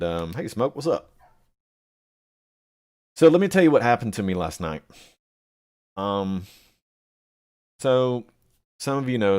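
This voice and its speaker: A man hosting a live chat, answering viewers by name and rambling with many pauses and fillers. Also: sits low, smooth. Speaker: livestream host reading chat.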